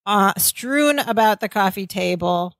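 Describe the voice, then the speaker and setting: A woman's voice: medium pitch, lively intonation, measured pace, dry recording, studio quality. A woman co-hosting a podcast, casually retelling a sitcom episode and laughing often. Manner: chatty, laughing, retells scenes with quoted lines. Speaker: podcast co-host. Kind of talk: casual rewatch podcast recap.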